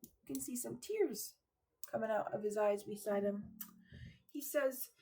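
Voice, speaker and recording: In a cozy room at home, a young female teacher reads a picture book aloud to children, her slightly high voice rhythmic and expressive as she stops now and then to ask them questions.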